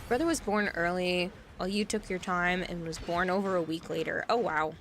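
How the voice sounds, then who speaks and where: A woman's voice: lowish voice, steady tone, normal speed, noisy background. A tired young woman streaming live, reading viewer messages aloud and musing casually about technology. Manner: reads chat aloud and muses on technology. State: tired, yawning.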